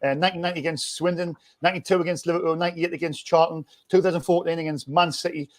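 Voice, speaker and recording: A man chats as host of a football fan show. His voice sits a bit high, and he rambles upbeat through restarts and fillers. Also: fairly even intonation, very fast. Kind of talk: casual fan chat.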